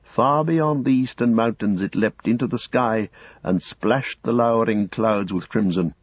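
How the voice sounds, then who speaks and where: A man narrating an audiobook in a measured, grave storytelling manner, close to the mic. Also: lowish voice, breathy edge, no room sound. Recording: dull lo-fi audiobook recording.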